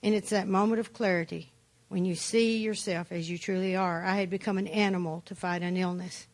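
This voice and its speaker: A woman's voice: on the low side, fairly even intonation, brisk. A woman giving a personal testimony talk, telling her story bluntly and plainly with dry humor. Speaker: speaker sharing her recovery story.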